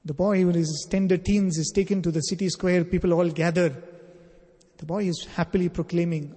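Male spiritual teacher, earnest sermon, fairly high, mellow and husky, long hall echo. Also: steady tone, moderate pace. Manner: earnest, emphatic, builds phrases in lists. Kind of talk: sermon with storytelling.

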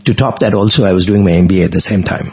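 A man's voice: sits low, rapid-fire, creaky, a little mellow, slightly rough. A middle-aged man, earnestly recounting a devotional personal story in vivid detail in an interview. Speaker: guest. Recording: dull lo-fi recording.

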